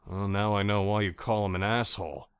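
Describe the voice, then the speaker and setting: A man narrating a first-person audiobook in an expressive, animated reading style on a close studio mic. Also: lowish voice, fairly quick, clear, resonant tone, no room sound.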